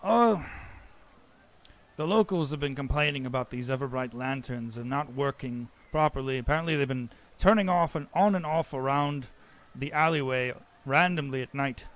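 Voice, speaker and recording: Game master putting on a teasing, blustery dad figure, mid-pitched voice. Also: male voice, normal speed, fairly bright tone, natural voice. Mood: puzzled. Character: gruff older human father, teasing, working-class.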